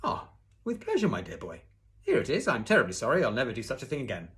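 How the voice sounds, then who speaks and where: A man's voice: a little slow, darkish tone, lightly acted. A man reading a children's storybook aloud, voicing a thief who is falsely polite and pleading. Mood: mock-apologetic. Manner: mock-polite, pleading, high-pitched.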